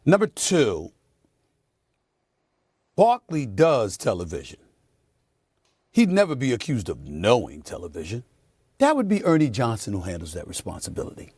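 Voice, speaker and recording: A man's voice: mid-range voice, wildly swooping pitch, moderate pace, long pauses, a little mellow, slightly rough, no room sound. Emphatic man ranting on sports TV. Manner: emphatic and preachy, repeats phrases for effect. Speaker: sports debate show host. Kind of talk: heated on-air sports commentary. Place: TV studio.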